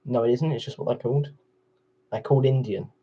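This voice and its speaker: An English man on a gaming livestream rambles and argues back and forth with his chat. His voice is husky and medium-pitched, steady in tone and quick, with the highs cut off.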